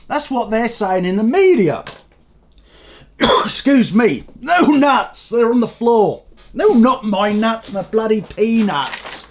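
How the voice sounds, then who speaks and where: An older Englishman with a hoarse voice rants about politics in a blunt, sweary vlog. His pitch swings widely as he talks, rising and dropping from one phrase to the next. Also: lively intonation, takes it slowly. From England. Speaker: vlogger. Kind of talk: ranting political commentary.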